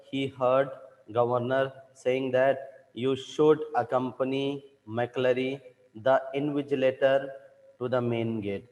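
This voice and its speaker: A male teacher. He explains a story in an online class, slowly and with repeated points. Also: mid-range voice, darkish tone, in a large hall, poor audio. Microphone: online live class.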